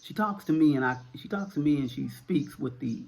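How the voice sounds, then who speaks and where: A middle-aged man from the United States with a Northern American accent talks casually to his viewers. His voice is gravelly and a bit husky. He rambles, restarts his sentences and fills the gaps with "uh" and "um". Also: fairly high pitch, animated, brisk, darkish tone. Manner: rambling, repeats words, many fillers. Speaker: vlogger answering viewer questions. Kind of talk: casual to-camera talk.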